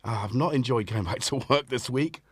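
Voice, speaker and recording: A man's voice: mid-range voice, a little fast, husky, no echo. A man hosting a live synth stream in casual chat, rambling and self-deprecating, tired and a little sore-throated. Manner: rambling, self-deprecating, playful asides to his cats.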